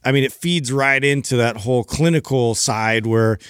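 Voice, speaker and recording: A man co-hosting a casual fitness podcast, playful and quick to chime in with agreement. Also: medium pitch, fairly bright tone, clean tone, dry recording, studio quality. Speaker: podcast co-host.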